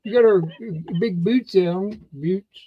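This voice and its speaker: A man's voice: high voice, lively intonation, normal speed, no echo, lo-fi sound. A man co-hosting a live chat, teasing and repeating words for laughs. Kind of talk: joking casual chat.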